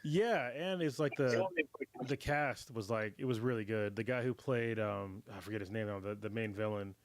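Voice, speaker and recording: A man in his thirties hosting a casual livestream chat, relaxed and laughing often, a little hoarse from getting over a cold. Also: fairly low pitch, moderate pace. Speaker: livestream host.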